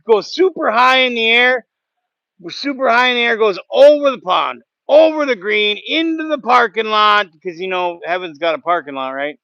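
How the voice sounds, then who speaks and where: Bright-voiced chatty man, lo-fi. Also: extremely high pitch, vocal fry, no echo. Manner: chatty, rambling storyteller with sound effects. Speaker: sawmill worker and livestream host. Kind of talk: casual livestream chat and joke telling. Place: outdoors at a sawmill.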